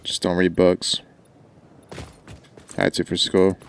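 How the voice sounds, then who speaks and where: A young man with a mild rural American country accent livestreams a game, chatting casually with viewers at a desk mic. His low, creaky voice is monotone and slow as he rambles, jokes, and often trails off, with a little hiss or hum.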